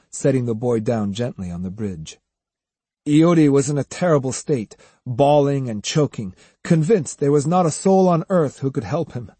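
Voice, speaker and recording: Expressive guy reading an audiobook, husky and kinda dark, dry close sound. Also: medium pitch, no echo. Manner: expressive, acts out each character. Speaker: audiobook narrator. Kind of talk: scripted narration.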